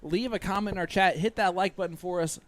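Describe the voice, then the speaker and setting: A man's voice: high-pitched, fast, a little hiss or hum. A man hosting a live darts stream, casually commentating and reading sponsor plugs. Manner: upbeat, reads sponsor plugs.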